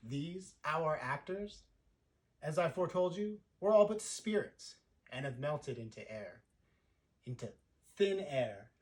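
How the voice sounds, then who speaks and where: An actor playing an old, troubled sorcerer, measured in delivery and rising to loud peaks. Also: male voice, on the high side, animated. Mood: solemn. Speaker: actor performing a monologue. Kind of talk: theatrical monologue.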